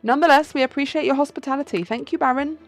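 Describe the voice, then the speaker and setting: Woman voicing a calm, probing bird lawyer in a game read-through. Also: sits high, rapid-fire, soft background music, voice pushed up. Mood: polite. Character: composed male bird attorney, lead investigator. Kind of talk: game playthrough read-aloud.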